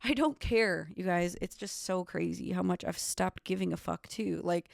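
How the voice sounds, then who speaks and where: Solo woman podcaster: gravelly, fry-heavy voice, casual and profane, dry close sound. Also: fairly low pitch, normal speed, hardly any pauses, dry recording. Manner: emphatic, swears often, leans on "like" and "okay". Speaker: podcast host. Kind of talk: candid solo podcast chat.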